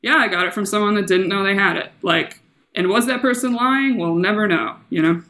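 Young woman, podcast guest, bright tense voice, casual chat, laughs a lot, acts out quotes. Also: mid-range voice, a little fast. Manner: chatty, laughs often, acts out quotes in her story.

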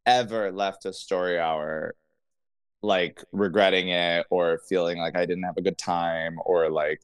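Earnest rambling man, smooth low voice. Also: steady tone, unhurried, no echo. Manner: rambling, earnest, many restarts. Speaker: drag performer guest. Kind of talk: casual interview chat.

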